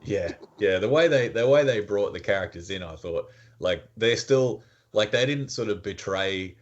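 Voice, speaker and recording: Deep-voiced man in rambling podcast chat. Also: lively intonation, normal speed. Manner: rambling, many fillers, quotes characters in voices. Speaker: podcast co-host. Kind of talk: casual chat about films. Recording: muffled lo-fi podcast audio.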